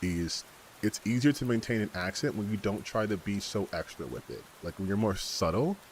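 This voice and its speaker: Male game streamer, low voice, chatty, playful fake-British tries. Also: animated, normal speed, slight background noise. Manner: chatty, joking, playing with a mock British enunciation. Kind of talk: gaming livestream commentary.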